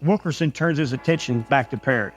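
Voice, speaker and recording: A man's voice: mid-range voice, fast talker, faint music behind. A man narrating a first-person ranch story in a dry, folksy way, with a Texan accent.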